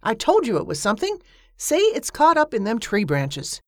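A woman voicing a gruff, easygoing first mate on a ship, with a drawling folksy manner. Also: on the high side, huge pitch swings, normal speed, darkish tone, no echo, clean studio sound, voice pushed up. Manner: drawling, folksy rough grammar.

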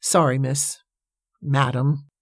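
A narrator voicing a gruff older male boatman who refuses flatly and bluntly in an audiobook. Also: mid-range voice, normal speed, no echo, studio quality, close to an everyday voice. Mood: weary. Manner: curt, flat refusals.

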